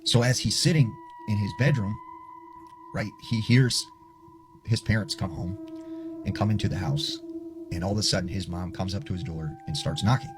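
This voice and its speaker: A man's voice: lowish voice, normal speed, background noise. A man casually telling a spooky story, chatty and loose, full of filler words. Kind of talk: casual spoken ghost story. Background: music.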